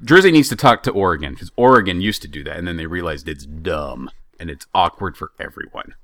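Animated man telling a story. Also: deep voice, no echo. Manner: animated, halting, with many restarts. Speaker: podcast co-host. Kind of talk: casual storytelling chat.

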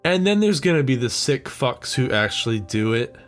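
A man's voice: medium pitch, very animated, moderate pace, soft background music. A young man hosting a podcast alone, rambling through a sarcastic, swear-heavy comedic rant. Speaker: podcast host.

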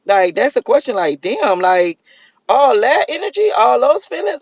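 A man with a very high-pitched, expressive voice talks at a moderate pace in a dull, lo-fi, dry recording with no room sound. In his solo vlog monologue he rambles and muses, saying "like" often and restarting his sentences.

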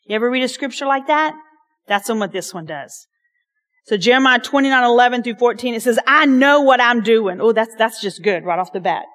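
A woman pastor, preaching a sermon, passionate and emphatic with soft asides. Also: a little high, brisk.

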